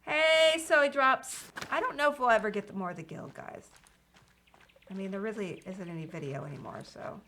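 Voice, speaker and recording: A woman's voice: mid-range voice, moderate pace, bright, forceful tone, slight background noise. A woman streaming a video game, chatting casually with viewers and reading game dialogue aloud. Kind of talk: casual live-stream chat.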